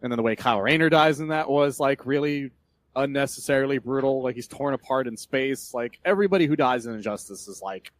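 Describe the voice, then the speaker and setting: A man co-hosting a podcast, rambling through a comic book plot with lots of swearing and quick retellings of scenes. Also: mid-range voice. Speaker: podcast co-host. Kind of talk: casual chat about comics.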